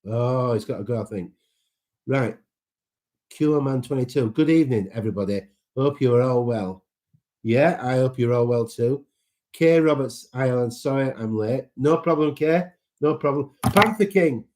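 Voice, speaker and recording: A man's voice: medium pitch, animated, moderate pace, a little mellow. A man hosting a casual live chat, reading out viewer comments and greeting people by name in a sentimental way.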